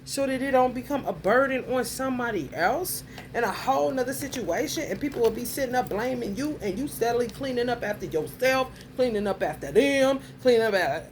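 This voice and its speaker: A woman's voice: on the high side, animated, brisk, few pauses, a little hiss or hum. Blunt, heated woman ranting to camera. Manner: blunt, profane, heated storytelling. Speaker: vlogger. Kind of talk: casual monologue to camera.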